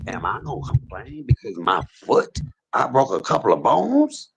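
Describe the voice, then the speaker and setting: Gravelly man preaching from a hospice bed. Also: mid-range voice, wildly swooping pitch, normal speed. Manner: gravelly, husky voice, preachy and emphatic. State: in pain. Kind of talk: casual preaching talk. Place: hospice room.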